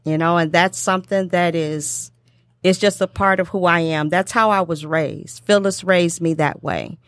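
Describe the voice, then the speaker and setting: A woman's voice: on the low side, steady tone, normal speed, dry recording, clean studio sound. A middle-aged woman hosting a talk show. She speaks from the heart, repeats herself often, and stumbles over her words when she gets emotional. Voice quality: emotional, tongue-tied at times. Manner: warm repetitive speech with many fillers. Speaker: show host.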